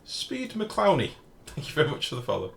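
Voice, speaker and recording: A man's voice: on the high side, huge pitch swings, rapid-fire, creaky, music in the background. A man, streaming a game live and chatting casually while reading out chat messages and swearing freely.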